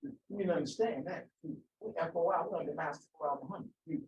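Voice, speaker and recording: Here the preacher moves at a quick clip, his fairly high voice hammering points through repetition and rhetorical questions in a fiery sermon. The muffled, echoey recording was made from a distance, with a light hum in the room.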